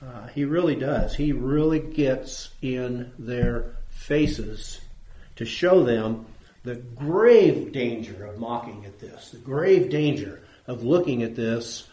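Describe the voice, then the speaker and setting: Questioning preacher in an echoey room. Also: male voice, medium pitch, slow pace, dark tone. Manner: asks the audience questions, repeats points for emphasis. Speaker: preacher teaching a Bible class. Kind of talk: conversational Bible lesson. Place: church room with audience.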